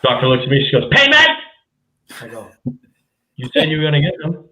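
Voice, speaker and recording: Speaking fast in a medium pitch, a male podcast host tells a swear-heavy story during a casual chat, performing other people's quotes with animation. The recording is low quality and echoey.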